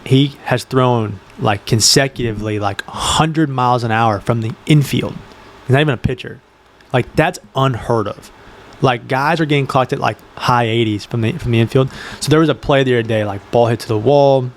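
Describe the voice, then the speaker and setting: A young man talking in a loose, rambling podcast chat, full of fillers and quick acted-out quotes. His pitch sits in an ordinary middle range. A faint hiss of noise sits under the recording. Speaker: podcast co-host. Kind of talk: casual chat.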